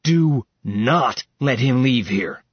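A stubborn, commanding man lays down the law in a forceful, insistent voice, read by a male narrator. The husky tone sits in a dry, dull, slightly lo-fi audiobook recording. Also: mid-range voice, animated, slow pace, no room sound.

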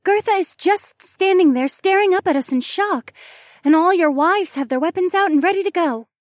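A man's voice: very high voice, moderate pace, no echo, studio quality, pitched above the performer's own voice. A man voicing a determined young blonde princess, speaking firmly. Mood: reassuring. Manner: determined, firm. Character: fierce young woman princess, golden blonde.

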